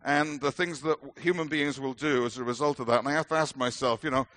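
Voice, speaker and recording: A man's voice: medium pitch, fairly even intonation, fast talker, a bit bright. A middle-aged man with a British accent preaching a sermon as a minister, earnest and emphatic with light self-deprecating humor.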